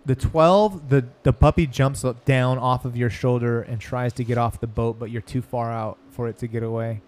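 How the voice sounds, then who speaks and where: A man's voice: medium pitch, fairly even intonation, moderate pace, darkish tone. A man running a tabletop game as game master, narrating loosely with lots of fillers. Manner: loose and rambling, with many fillers.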